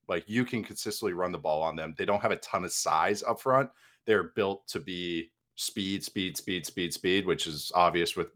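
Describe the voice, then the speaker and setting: A man appearing as a guest analyst on a sports podcast, chatting casually, quick and joking with frequent laughter. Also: low voice, a bit bright.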